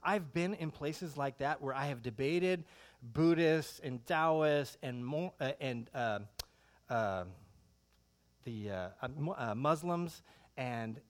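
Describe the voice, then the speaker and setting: A middle-aged man preaching a sermon in a conversational, animated way, full of rhetorical questions. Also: fairly high pitch, takes it slowly. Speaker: pastor.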